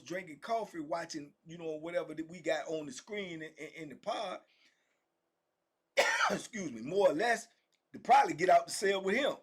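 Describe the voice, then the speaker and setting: A man with a Southern US accent telling a prison story in a casual, animated way, acting out the men's voices. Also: breathy edge. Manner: acts out the men's voices, rising high and loud for quoted shouting. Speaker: storyteller sharing prison stories.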